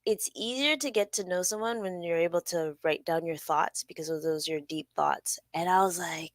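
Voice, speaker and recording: A woman who is sore from working out hosts a loose, chatty solo podcast, laughing often and throwing in playful sound effects. Her voice is on the low side and she speaks at a normal speed. There's no echo.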